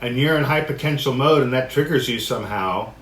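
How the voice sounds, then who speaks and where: A man teaching a discussion workshop, reading passages aloud and explaining them in a relaxed way, often laughing. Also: medium pitch, brisk. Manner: relaxed, laughs often, acts out quoted voices. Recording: echoey room with faint noise.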